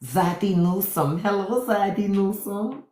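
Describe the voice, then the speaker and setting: A woman's voice: medium pitch, measured pace, dark tone, natural voice. A woman doing a swooning, lovestruck first lady. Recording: roomy echo.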